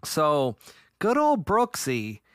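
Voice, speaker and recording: A man's voice: fairly high pitch, wildly swooping pitch, takes it slowly, fairly bright tone, smooth, no echo, studio quality. A man hosting a podcast in casual chat, brash and joking, swearing freely. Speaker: podcast host.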